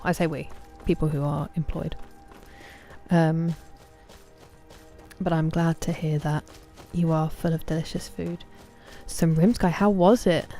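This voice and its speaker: A woman streams a game and chats easily with her viewers, greeting each one by name between quiet asides. Her voice sits a little low and sounds mellow and warm. Faint music plays underneath. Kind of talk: casual chat with live viewers while gaming.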